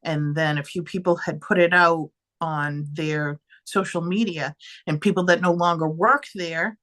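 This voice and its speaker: A woman co-hosts a chatty podcast with a bright, forward tone. She gets animated, often exclaims, and lets thoughts trail off as she reacts to her friend. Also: fairly low pitch, measured pace. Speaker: podcast co-host. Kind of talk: casual chat.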